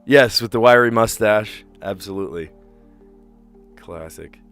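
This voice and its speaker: Slow low-voiced man musing over puzzles. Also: a bit bright, faint music behind. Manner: reads clues aloud and muses with frequent restarts. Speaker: streamer playing word puzzles. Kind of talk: casual thinking-aloud chat.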